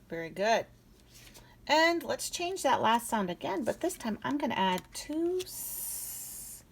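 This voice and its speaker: A woman teaching a phonics lesson to young children, sounding out letters clearly and encouraging them. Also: medium pitch, lively intonation, takes it slowly, poor audio. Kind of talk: early-reading phonics lesson.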